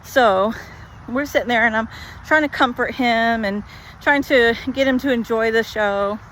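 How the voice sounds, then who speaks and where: A woman's voice: fairly high pitch, unhurried, a little hiss or hum. Chatty woman telling a story outdoors. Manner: chatty, animated, lots of "like". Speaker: vlogger. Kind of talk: walk-and-talk storytelling.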